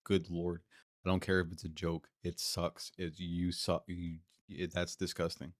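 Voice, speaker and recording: A man's voice: low-pitched, completely flat delivery, a little slow, no echo, clean studio sound. Exasperated swearing streamer man. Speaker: streamer reacting to a clip. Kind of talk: live stream reaction commentary.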